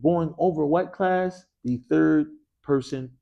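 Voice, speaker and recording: Man, energetic grammar teacher in a mosque classroom, slightly high voice, quizzing call-and-response style, casual slang. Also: takes it slowly, gravelly, muffled recording. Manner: energetic, quizzes students with frequent "what?" prompts. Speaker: Arabic teacher.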